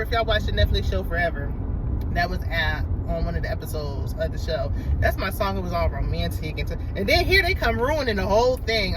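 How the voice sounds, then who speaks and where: A woman recapping a reality show in casual chat, laughing often and acting out what the cast said. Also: mid-range voice. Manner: animated, laughs often, acts out quotes. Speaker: reality TV commentator. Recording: noisy, traffic sounds behind.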